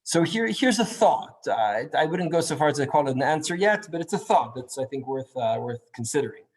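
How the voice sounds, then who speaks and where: A man's voice: fairly high pitch, big pitch swings, fairly quick. Man teaching a Torah class, thinking aloud. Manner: thinks aloud with restarts, often asks "right?".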